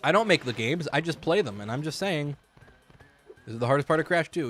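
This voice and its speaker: A man's voice: a little high, lively intonation, fast talker, a bit bright, soft background music. A man giving casual, rambling commentary while streaming a game, joking and swearing freely, in a hot room at home.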